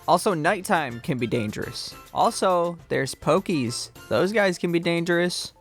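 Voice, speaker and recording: A man's voice: a little high, expressive, unhurried. A young man giving comedic, exaggerated commentary on game minigames. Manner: joking, exaggerated, briefly puts on a southern drawl. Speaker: gaming video host. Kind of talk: comedic commentary over gameplay. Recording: music bed behind voice. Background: faint background music.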